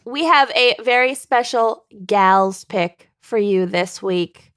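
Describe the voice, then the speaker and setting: A woman co-hosting a podcast in casual chat, giggly and quick with asides. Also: medium pitch, fairly bright tone, smooth. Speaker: podcast co-host.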